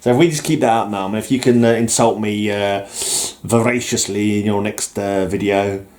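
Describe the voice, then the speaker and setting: A man's voice: fairly low pitch, steady tone, moderate pace, darkish tone. A man chatting casually about his comics, rambling and joking at his own expense. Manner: rambling, jokey, self-mocking with mock-villain bluster. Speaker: comic collector vlogger. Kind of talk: casual chat.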